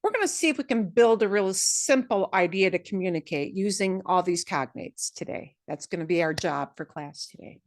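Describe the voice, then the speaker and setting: A woman's voice: medium pitch, lively intonation, no room sound, studio quality. Playful woman teaching a Spanish class. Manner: slow, drawn-out modeling of Spanish words, playful asides. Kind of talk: online language class.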